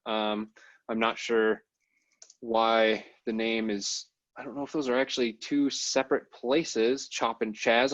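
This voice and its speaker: A man's voice: medium pitch, fairly bright tone, dry recording. A man talking politics on a podcast he co-hosts, rambling and hedging with lots of fillers. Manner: rambling, many fillers and hedges. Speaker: podcast co-host. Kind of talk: casual political discussion. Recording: dull lo-fi sound.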